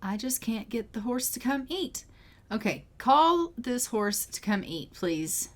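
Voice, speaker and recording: Speaking a little slowly in a fairly high, sing-song voice, a woman narrates her life-simulation game like a story. She gives a chatty, easygoing play-by-play of what her characters are doing.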